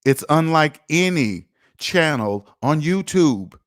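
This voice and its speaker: A man's voice: fairly high pitch, expressive, slow pace. A man hosting a personal finance livestream, speaking casually and emphatically, lecturing viewers and reading out their comments. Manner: emphatic, preachy, reads viewer comments aloud. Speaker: finance channel host.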